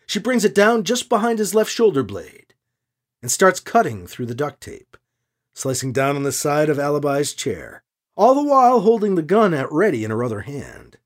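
A man reading a science fiction story aloud as narrator, expressive and animated. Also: fairly high pitch, moderate pace. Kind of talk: audiobook narration.

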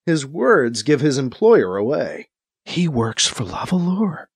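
A man narrating a science fiction audiobook in a dramatic, expressive reading. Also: on the high side, takes it slowly, slightly rough, no echo, studio quality. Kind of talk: audiobook narration, acting out scenes.

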